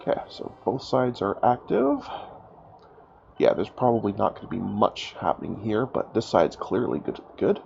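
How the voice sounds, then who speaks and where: Male gaming host, congested from a cold, gravelly and lively, casual self-mocking commentary; dull lo-fi mic. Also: lowish voice, moderate pace, slight background noise. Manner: chatty, self-mocking, thinking aloud. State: stuffed up from a cold. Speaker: gaming YouTuber. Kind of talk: casual let's-play commentary.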